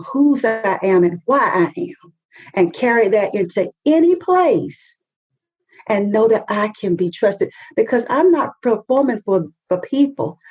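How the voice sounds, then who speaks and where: A woman's voice: medium pitch, darkish tone, slightly rough, highs cut off. A woman, a guest on an interview show, speaking with fervent, emphatic conviction and repeating phrases for effect. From North Carolina, US. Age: 50s. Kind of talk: podcast interview.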